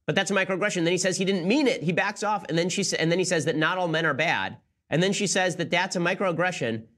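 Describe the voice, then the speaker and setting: A man hosting a commentary show, firing off his points at a very quick clip. His voice sits a bit high for a man, and his tone is sarcastic and incredulous. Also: fairly bright tone. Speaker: political commentary show host. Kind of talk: rapid-fire commentary.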